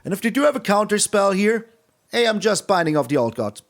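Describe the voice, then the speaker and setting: A young man giving casual gameplay commentary, playful and taunting, swinging between excited high bursts and low mutters. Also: fairly quick. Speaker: game streamer.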